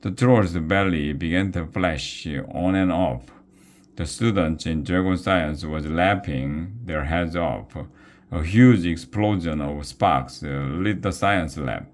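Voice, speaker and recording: A man reading a children's novel aloud, slow and careful, with small restarts. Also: low-pitched. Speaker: reader.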